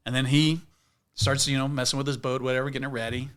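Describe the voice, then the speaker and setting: A middle-aged man, a podcast guest, telling an outdoor story in a lively, casual way and acting out the scenes. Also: mid-range voice, fast talker, clear, resonant tone. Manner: animated storyteller, acts out scenes. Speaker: guest, backpacking video creator.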